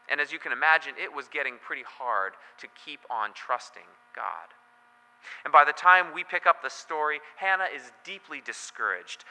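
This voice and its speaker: A man's voice: medium pitch, pushed and bright. A man as pastor preaching a sermon in a church, telling the story in a conversational way with joking asides. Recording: long hall reverb.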